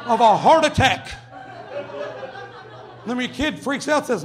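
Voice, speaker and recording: A man's voice: very high voice, animated, slow pace, pauses often, a faint crowd. A young man doing a stand-up comedy set on a club stage, brash and profane, acting out quoted voices.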